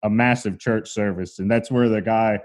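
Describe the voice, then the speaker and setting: Profane storytelling podcast host, a man. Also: fairly low pitch. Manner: animated, profane, rushes through anecdotes. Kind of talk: casual storytelling chat.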